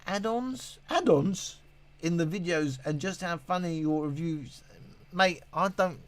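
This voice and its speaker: The British host's voice is a little high and a touch slow, recorded dry. He reads viewer messages on his casual live stream, rambling and restarting a lot while laughing at himself.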